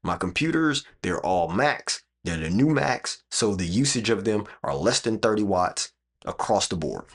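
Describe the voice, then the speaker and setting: Guy live streaming from his home setup, low voice, keeps repeating stuff for emphasis, talks right to chat. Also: expressive, measured pace, husky. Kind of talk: casual live-stream talk to viewers. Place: home room with computers.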